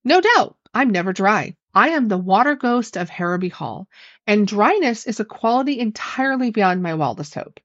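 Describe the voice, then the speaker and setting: A woman's voice: medium pitch, big pitch swings, moderate pace, fairly bright tone, dry recording. Woman reading as a haughty water ghost. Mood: aggrieved. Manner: haughty, formal. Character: indignant drenched female ghost, two centuries dead. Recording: dry, dull lo-fi recording.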